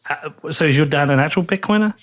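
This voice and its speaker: A man's voice: on the high side, fast, a bit bright. A man hosting an in-person interview at a table, blunt and jokey, swearing casually. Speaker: podcast host. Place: in-person recording at a table in a room.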